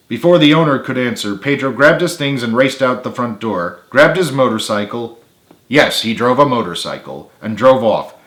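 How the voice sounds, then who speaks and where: A man, the author, narrating his own book in a steady read-aloud. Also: medium pitch, moderate pace, reverberant.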